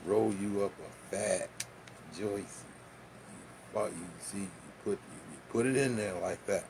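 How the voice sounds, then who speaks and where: A man's voice: lowish voice, measured pace, vocal fry, background noise. A man telling a loose, profane, laughing story and showing how to roll tobacco. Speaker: vlogger. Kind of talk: casual storytelling and demonstration.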